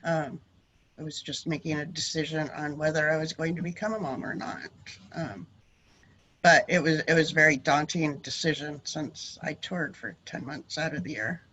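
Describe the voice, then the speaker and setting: A woman's voice: low voice, steady tone, moderate pace, a bit bright, slight background noise, low-quality recording. A woman moderating a webinar panel over a video call, talking with frequent hesitations. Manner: hesitant, many ums.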